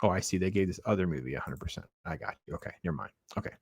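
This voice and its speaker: A man's voice: low-pitched, animated, rapid-fire, gravelly, a little mellow, husky, no echo. A man giving a casual, blunt spoiler review of a film, rambling and sarcastic as he recounts the plot. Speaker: movie reviewer.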